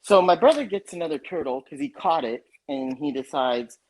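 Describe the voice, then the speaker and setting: A man's voice: on the high side, expressive, moderate pace. A man hosting a casual livestream chat, telling a story in a rambling way with many restarts. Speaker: stream host.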